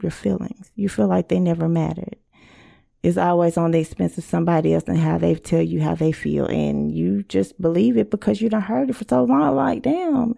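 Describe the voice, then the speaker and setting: A woman's voice: fairly low pitch, creaky, warm tone. A woman hosting a casual podcast, blunt and profane, acting out quoted arguments. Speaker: podcast host.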